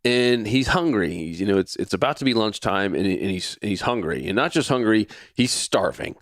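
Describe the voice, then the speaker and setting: Lively storytelling man, dry close sound. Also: fairly low pitch, moderate pace, no room sound. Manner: lively storyteller who acts out quoted lines and repeats himself. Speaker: podcast host. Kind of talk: personal storytelling with a faith lesson.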